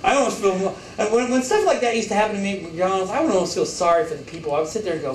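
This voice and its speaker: Joking male lecturer, high voice, echoey room. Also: fast talker, hardly any pauses. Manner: joking, rhetorical, acts out quotes. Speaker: college instructor. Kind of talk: classroom lecture. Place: classroom. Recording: echoey room from far off, faint hiss.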